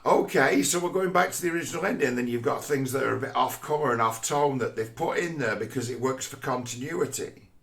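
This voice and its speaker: A man's voice: medium pitch, fairly quick, gravelly, few pauses, a bit bright. A man in a rambling, profane casual rant who often stumbles and repeats words mid-thought.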